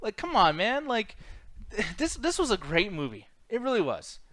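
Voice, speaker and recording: A man's voice: sits high, wildly swooping pitch, a bit bright, no echo. A man hosting a casual podcast chat, rambling and swearing freely. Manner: rambling, profane, fast-talking. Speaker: podcast host.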